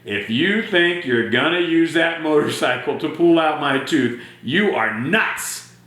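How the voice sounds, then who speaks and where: A man voicing a frustrated little boy in a storybook read-aloud, high and whiny. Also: lively intonation, measured pace, a bit bright. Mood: stubborn. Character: frustrated young boy with a stuck tooth. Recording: very echoey room.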